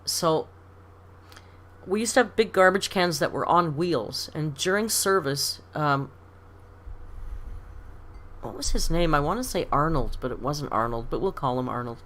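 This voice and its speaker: On her casual livestream, a middle-aged woman from Canada reads comments out loud and tells stories, laughing a lot. Her low voice is expressive and fairly bright, unhurried, with frequent pauses.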